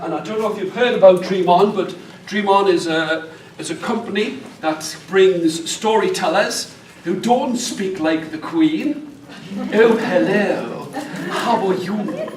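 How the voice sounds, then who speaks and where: A man with a Northeast English accent, a storyteller leading a workshop, chatty and playful with the audience. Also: sits high. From northeast England. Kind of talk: live workshop talk to an audience. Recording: echoey room, mic far off, faint background noise.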